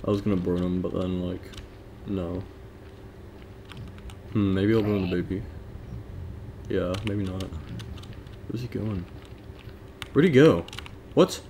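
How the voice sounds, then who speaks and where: Low-voiced guy streaming a game, mumbling to himself and sweet-talking the mobs, faint keyboard clicking behind. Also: slow pace, long pauses, warm tone, a little hiss or hum. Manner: mutters to himself, coaxing and teasing game creatures. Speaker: gaming streamer. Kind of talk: live gameplay commentary.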